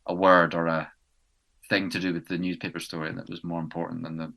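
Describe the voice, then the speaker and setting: Young English man, bright chatty tone. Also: sits low, little pitch movement, fairly quick, vocal fry. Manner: rambling, many ums and restarts. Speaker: podcast co-host and actor. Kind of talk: casual chat. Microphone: podcast mic indoors.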